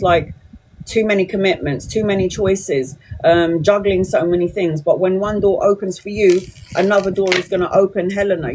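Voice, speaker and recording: A woman's voice: medium pitch, a little mellow, low-quality recording. Woman in her forties, tarot reader, chatty and reassuring, live-stream readings, faint background hiss. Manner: chatty, reassuring, answers viewer questions. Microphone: phone or webcam on a live stream.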